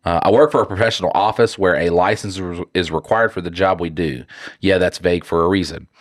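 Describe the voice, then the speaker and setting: A man's voice: low voice, fairly even intonation, a little fast, no room sound, clean studio sound. A man co-hosting a casual podcast with a stuffy nose, joking sarcastically as he reads listener letters aloud. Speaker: podcast co-host.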